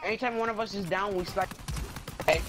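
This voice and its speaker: A man's voice: high-pitched, fairly quick, a bit bright. A young man bantering in a gaming session, often exasperated with his friend. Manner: bantering, exasperated, asking questions. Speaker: gamer.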